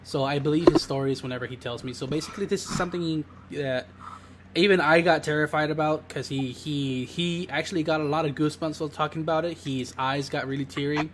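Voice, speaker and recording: A man's voice: on the high side, steady tone, brisk, noisy background. A man on a casual podcast, telling a secondhand story in a rambling way full of hedges and restarts. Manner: rambling, hedging, with many "basically"s and restarts. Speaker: podcast co-host.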